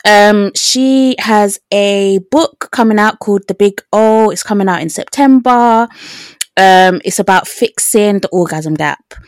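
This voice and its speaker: A woman co-hosting a podcast, replying in a calm, brief, conversational way. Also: medium pitch, unhurried, smooth, no room sound, clean studio sound. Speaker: podcast co-host. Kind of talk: casual chat.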